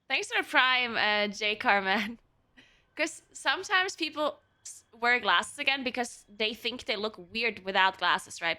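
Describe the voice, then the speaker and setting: A woman's voice: a little high, bright, forceful tone. A woman streaming live from home with her cats, chatting casually with her viewers and laughing often between remarks.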